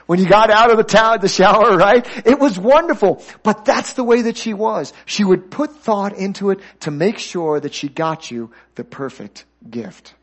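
A middle-aged man preaching a sermon as guest pastor, calling out to the congregation and dropping to a soft voice at key points. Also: high-pitched, moderate pace, hardly any pauses. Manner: animated, calls for congregation responses.

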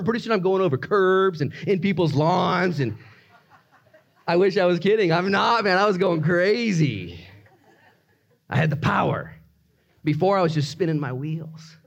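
A man preaching a sermon, telling personal stories and acting out quotes, with sudden swings between loud bursts and hushed asides. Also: high-pitched, lively intonation, a little fast, highs cut off. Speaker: pastor.

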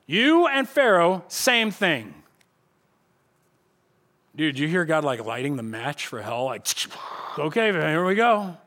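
A pastor giving a casual, conversational sermon in a church, animated and shifting between loud emphasis and quiet asides. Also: male voice, on the high side, slow, long pauses. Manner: casual, conversational preaching with slang.

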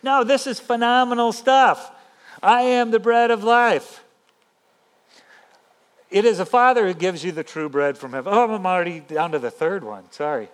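A man pastor giving a sermon in an animated, emphatic, conversational way. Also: high-pitched, brisk, hardly any pauses.

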